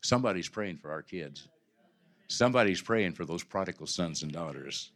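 A pastor preaching a sermon, with a bright, forceful tone. He talks low and conversational, then climbs into loud, impassioned preaching, stumbling and restarting along the way. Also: expressive, normal speed. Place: church sanctuary.

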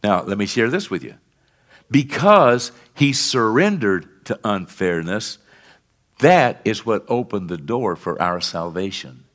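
A male pastor preaching a sermon, calling out to the congregation for responses and swinging between fervent peaks and quiet lows. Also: big pitch swings, a little slow. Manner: rises to fervent emphatic peaks, then drops low and quiet.

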